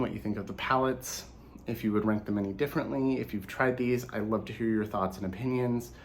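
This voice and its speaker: Brief: slightly hoarse man, fairly low voice, rambling chatty makeup vlogger, faint hiss behind. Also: brisk. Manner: chatty and rambling, with frequent likes. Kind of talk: casual product review vlog.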